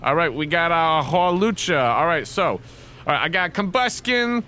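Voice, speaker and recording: A man's voice: on the high side, expressive, normal speed, sharp tone. A man hosting a podcast and running a tabletop game as game master, in a casual, laughing way full of fillers.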